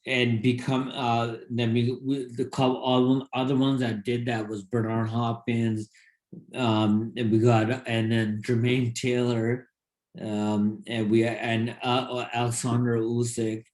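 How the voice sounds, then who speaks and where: Male podcast co-host, casual sports talk, excitable and rambling, mid-pitched, roomy echo around him. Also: slow. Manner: rambling, excited, talks in bursts.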